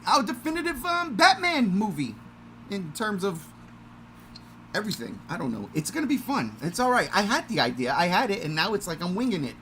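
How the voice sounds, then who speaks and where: A high, animated man hosting a podcast, often shouting with excitement and then ribbing himself. His voice is bright and his pitch swoops all over. The chat is loose and casual. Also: brisk, slight background noise. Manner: loud, energetic, self-mocking. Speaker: podcast host.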